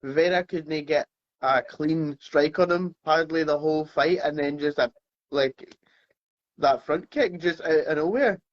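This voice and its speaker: Scottish guy chatting easy on a podcast, higher voice, muffled lo-fi mic. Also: a little slow. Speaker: podcast co-host. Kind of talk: casual chat.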